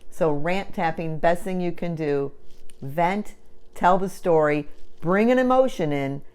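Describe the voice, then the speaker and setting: Low-pitched middle-aged woman, practitioner, lively direct-to-camera teacher who acts out examples. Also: measured pace, clean tone. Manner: animated, acts out the ranting of others. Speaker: tapping practitioner.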